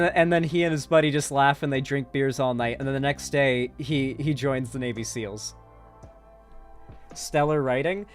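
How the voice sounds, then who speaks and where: A man giving casual, sarcastic commentary, profane and full of fillers and restarts. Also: a little high. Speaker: online commentator. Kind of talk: casual political commentary, recapping a movie.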